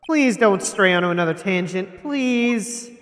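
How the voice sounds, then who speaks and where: A woman's voice: mid-range voice, expressive, unhurried, natural voice. A woman voicing a cranky, nosy old woman who scolds youngsters, with faint game music behind. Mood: scolding. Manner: haughty, scolding.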